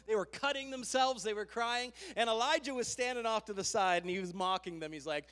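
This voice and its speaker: A man preaching a sermon, fervent and emphatic, with loud rising bursts as he tells the story. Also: very high voice, moderate pace, hardly any pauses. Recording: long hall reverb.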